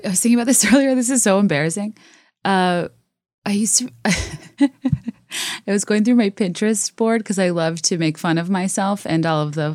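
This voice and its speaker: A woman's voice: on the low side, darkish tone, dry recording, studio quality. A woman hosting a solo podcast, talking casually in a chatty, self-mocking way with lots of fillers and restarts. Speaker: podcast host.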